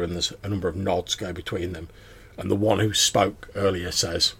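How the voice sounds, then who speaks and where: A man's voice: sits low, flat delivery, normal speed, creaky, a bit bright, slightly rough. A man serving as game master, narrating a tabletop game in a wry, mock-solemn way.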